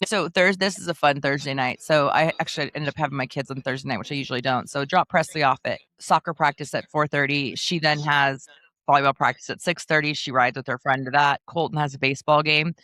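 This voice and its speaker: Animated storytelling woman, dry close mic. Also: dry recording. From Kansas City area. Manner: animated storyteller, acts out quotes with big pitch jumps. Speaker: podcast co-host. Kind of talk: casual chat.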